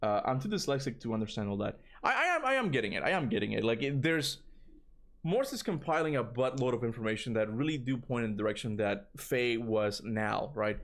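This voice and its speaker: A man's voice: mid-range voice, animated, a little fast. A male gaming streamer reading a fan theory aloud on a livestream. He stumbles over words and keeps breaking off into casual asides, full of "bro" and "you know".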